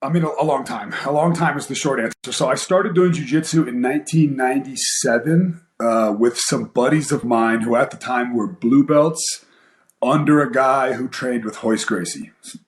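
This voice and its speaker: A man in his forties talks through a story with lots of fillers and restarts, acting out what other people said. His pitch sits mid-range, and the room around him has a noticeable echo. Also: normal speed. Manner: animated storyteller, acts out quoted voices, many fillers. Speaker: guest, MMA coach and former fighter. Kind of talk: casual storytelling interview. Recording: echoey room.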